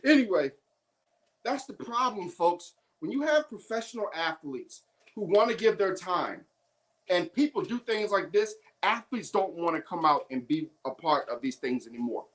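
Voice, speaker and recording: A woman's voice: fairly low pitch, animated, moderate pace. A woman hosting an independent sports show, delivering a heated, emphatic opinion monologue.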